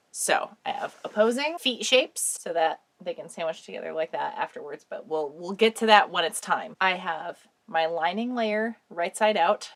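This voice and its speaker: A woman with a cold and a sore throat, chatting casually through a home sewing project, with dry jokes and casual swearing. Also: fairly low pitch. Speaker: sewing vlogger. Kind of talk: casual craft vlog chat.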